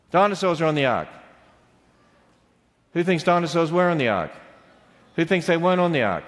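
A middle-aged Australian man giving a playful church talk to children and quizzing them on the answers. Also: a little high. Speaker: speaker to children. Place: large church hall. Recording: long hall reverb.

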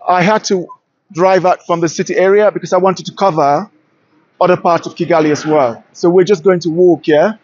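A man's voice: high voice, steady tone, fairly quick, a little mellow. A man with a British-influenced Nigerian accent, giving an enthusiastic, opinionated walking vlog to camera outdoors on city streets, recorded handheld on a smartphone. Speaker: travel vlogger. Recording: lo-fi smartphone audio.

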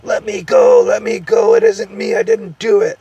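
A cowering little gnome squeals and whimpers in a thin, sharply raised voice. The voice sounds nothing like an everyday speaker, pinched and frantic, like a storybook creature begging for mercy. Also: male voice, wildly swooping pitch, normal speed, vocal fry, warm tone, no echo, distant mic, full character voice. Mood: panicked. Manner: squealing, whimpering, high-pitched.

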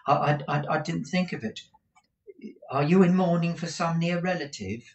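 A kind young woman apprentice who stumbles over her words in her hurry to apologize, as a male reader puts her on. Her voice sits high and light, in a storybook reading. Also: sing-song, takes it slowly, pushed and bright, roomy sound, muffled recording, exaggerated voice. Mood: apologetic. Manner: stammering, apologetic.

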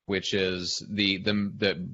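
A man's voice: deep voice, flat delivery, slow, pushed and bright, muffled recording, a little hiss or hum. A man co-hosting a podcast, talking in casual business chat, agreeable and thoughtful. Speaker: podcast co-host.

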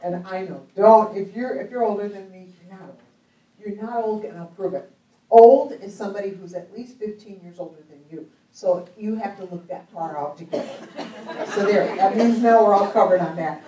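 A woman's voice: medium pitch, normal speed, mellow, slight background noise. A woman giving a storytelling sermon in a church hall, chatty and humorous, often laughing. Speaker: speaker at a church conference. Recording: echoey hall, mic at a distance.

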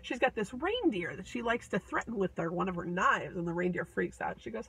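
A woman casually retelling a fairy tale with playful asides and quick voices for the characters. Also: lowish voice, expressive, husky, rough recording. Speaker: storyteller.

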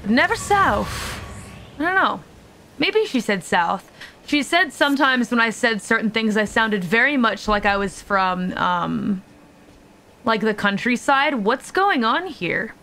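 A young woman streams a video game, joking with her audience and swearing freely in casual live commentary. Her voice is a little high, pushed and bright, with lively intonation and an unhurried pace.

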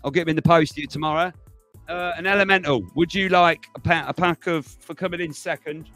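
A man's voice: a little high, fairly even intonation, brisk, fairly bright tone, soft background music. A man hosting a livestream, chatting casually to viewers, rambling and laughing as he goes. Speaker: livestream host.

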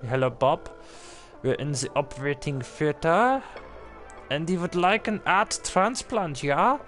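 A man voicing a bumbling, flustered male surgeon in a put-on German accent, loudly cursing and muddling through a game. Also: on the high side, animated, a little slow, faint music behind. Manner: loud, exasperated, swearing at objects. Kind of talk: gameplay commentary in character.

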